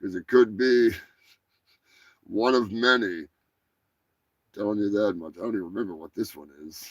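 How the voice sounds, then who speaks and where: A man's voice: fairly low pitch, normal speed, no echo, highs cut off. A man hosting a comedy news show, rambling through crude jokes and profane asides. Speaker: host. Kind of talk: casual comedy chat.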